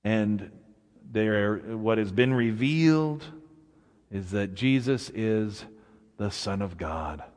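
A man's voice: on the low side, expressive, slow, darkish tone. A male pastor preaching a sermon in a conversational way, with casual asides to the congregation, in a church sanctuary. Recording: long reverb in a church.

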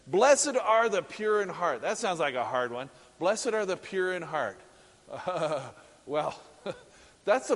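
A middle-aged pastor delivers a casual, conversational sermon in a church sanctuary, chuckling often and using plenty of fillers. His voice sits on the high side, with a little hiss or hum in the audio. The recording has the echo of a church hall.

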